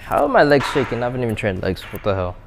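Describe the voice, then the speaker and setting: Young British guy, gym vlogger, rambling chat between sets, middle-pitched. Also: very animated, rapid-fire, noisy background. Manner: rambling, chatty, self-deprecating asides. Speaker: fitness vlogger. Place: indoor gym.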